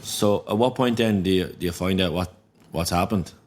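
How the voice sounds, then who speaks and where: A man's voice: low-pitched, normal speed. A man hosting a podcast interview, asking short supportive questions. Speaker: podcast host.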